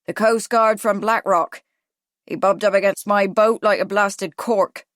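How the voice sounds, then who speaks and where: A woman voicing a blunt, loud rustic fisherman in an audiobook. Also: sits high, fairly even intonation, measured pace, no room sound, studio quality. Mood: grim.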